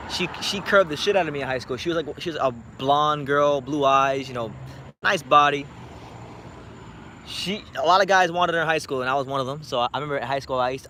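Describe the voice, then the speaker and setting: A man's voice: medium pitch, bright, forceful tone, a little hiss or hum. A young man from South Florida, talking boxing in a blunt, profane, joking late-night vlog chat. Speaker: boxing YouTuber.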